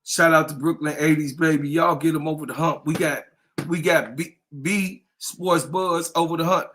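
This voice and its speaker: Hyped man repeating shout-outs. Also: on the high side, fairly even intonation, moderate pace, a little hiss or hum. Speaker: podcast co-host. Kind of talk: casual livestream chat.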